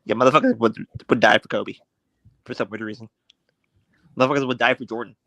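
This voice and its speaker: A man's voice: medium pitch, fairly even intonation, fast talker, bright, forceful tone, no echo. Blunt man on a dry mic. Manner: blunt, matter-of-fact arguing. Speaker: podcast co-host. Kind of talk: casual chat.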